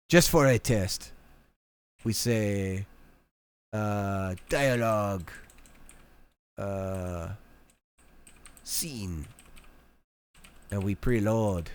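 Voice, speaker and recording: Low voiced guy muttering thru his code on a live stream, slow and easygoing. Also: a little mellow, no echo. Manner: low-key, thinking aloud, self-mocking. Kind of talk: live coding commentary.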